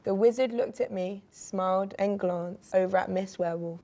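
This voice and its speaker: A woman reading a rhyming children's picture book aloud with an expressive, sing-song delivery. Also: mid-range voice, normal speed, hardly any pauses. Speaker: storyteller.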